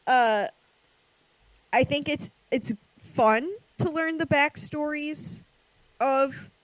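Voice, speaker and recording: A woman's voice: high voice, takes it slowly, no room sound, rough recording. Woman cohosting a podcast, sassy and chatty, dry close sound. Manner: chatty, sassy, self-mocking, laughs often. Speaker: podcast co-host. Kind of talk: casual chat.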